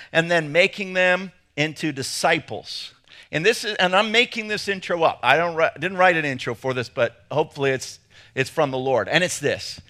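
A man's voice: sits high, sharp tone. A man with an English accent, preaching an enthusiastic sermon with playful asides. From England. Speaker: pastor.

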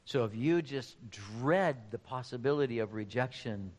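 A man's voice: medium pitch, expressive, normal speed, big-room sound. A man preaching a sermon, speaking emphatically and addressing the congregation directly. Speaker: pastor.

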